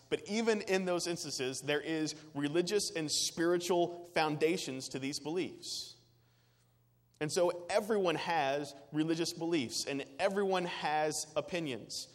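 A man's voice: fairly high pitch, unhurried, in a large hall. A man preaching a sermon as pastor, earnest and emphatic, with repetitive phrasing.

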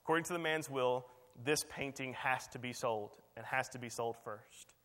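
A man's voice: mid-range voice, normal speed, fairly bright tone, lightly acted. A man voicing a formal, firm male auctioneer, calling out bids in a story told during a sermon. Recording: long reverb.

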